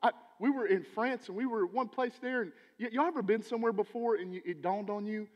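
A man preaching a sermon as pastor, animated, swinging between loud emphasis and quiet asides. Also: high-pitched, quick pace, highs cut off. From Texas. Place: church sanctuary. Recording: church hall with long reverb.

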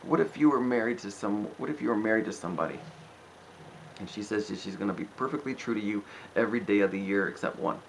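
A man's voice: lowish voice, fast, gravelly, slight background noise, rough recording. A man preaching informally and fervently, exhorting his listeners, rambling with restarts and frequent asides. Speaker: preacher answering questions.

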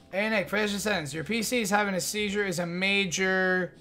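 Bright-voiced young male streamer. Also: high voice, a little fast, few pauses, faint music behind. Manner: rambling, profane, joking with chat. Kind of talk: casual livestream chat while gaming.

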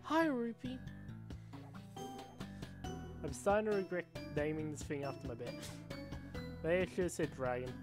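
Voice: mid-range voice, expressive, moderate pace. Rambling, laughing game commentator. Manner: rambling, self-mocking, laughs often. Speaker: gaming video creator. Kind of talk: casual gameplay commentary. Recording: game music playing behind. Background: game music.

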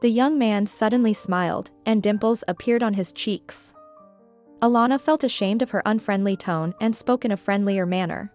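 A woman reading a scripted story aloud in an even, measured way. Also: medium pitch, soft background music.

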